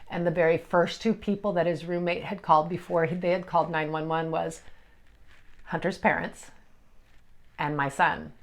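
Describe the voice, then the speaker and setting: A middle-aged woman, an energy healer, telling a personal story in an emotional, halting way with many restarts. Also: on the low side.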